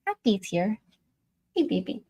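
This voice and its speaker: Slow-talking giggly woman livestream host. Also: medium pitch, sing-song, dark tone, breathy edge. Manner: giggly, chatty, often laughing. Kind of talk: casual livestream chat. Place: home.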